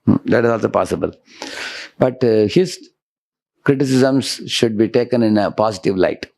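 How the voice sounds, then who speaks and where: A man's voice: on the low side, moderate pace, vocal fry, a little mellow. A monk giving a devotional lecture in a conversational way, often checking in with his listeners.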